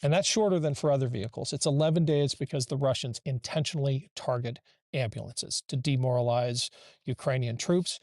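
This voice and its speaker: A man's voice: mid-range voice, darkish tone, no echo, clean studio sound. A man speaking as a guest on a remote interview over a video call, earnest and given to restarting his words. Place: in a war zone abroad. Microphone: video call over a weak internet link.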